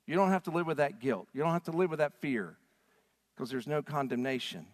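A man preaching a sermon as a pastor, swinging from hushed lines to loud call-and-response with the congregation. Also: a little high, animated, brisk, big-room sound.

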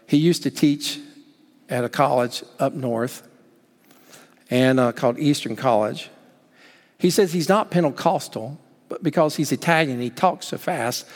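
A man preaching a sermon as pastor, urging his listeners on and telling a story in lively acted quotes. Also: fairly high pitch. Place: church sanctuary. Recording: long hall reverb.

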